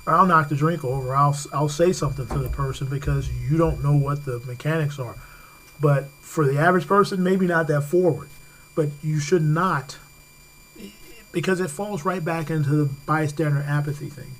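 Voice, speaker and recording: A man's voice: a little high, moderate pace, fairly bright tone, a little hiss or hum, low-quality recording. Chatty man giving safety advice. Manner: conversational, repeats words and restarts, laughs easily. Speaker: safety expert guest. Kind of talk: talk radio advice.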